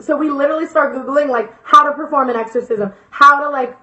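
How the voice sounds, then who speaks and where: High-voiced young woman telling a dramatic story. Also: fairly even intonation, moderate pace, sharp tone. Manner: dramatic, profane, filler-heavy storytelling. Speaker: YouTuber. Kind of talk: storytime vlog. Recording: echoey lo-fi room sound.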